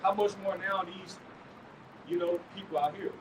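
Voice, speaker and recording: A man's voice: high-pitched, steady tone, moderate pace. A man preaching in a scripture study. He talks emphatically and keeps checking in with his listeners. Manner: emphatic, checks in with "all right?". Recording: distant mic with loud outdoor noise.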